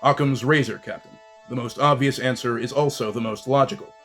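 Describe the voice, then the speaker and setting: A man plays a calm, logical male alien science officer in a playful little skit. He explains his reasoning in a cool, measured way at an ordinary middle pitch, while a faint guitar plays behind him. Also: lightly acted. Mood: coolly logical.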